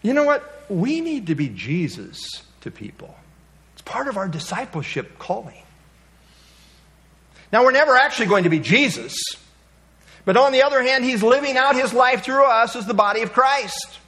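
A man's voice: high voice, fairly bright tone. A man preaching a sermon, telling stories in a conversational, folksy way and rising emphatically on key points. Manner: conversational storytelling, folksy asides. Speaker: pastor.

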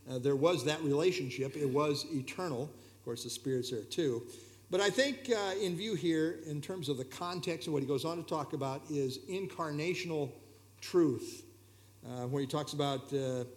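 A man with a fairly high voice leads an evening Bible study, walking through verses in a relaxed, conversational manner with frequent hesitations and fillers.

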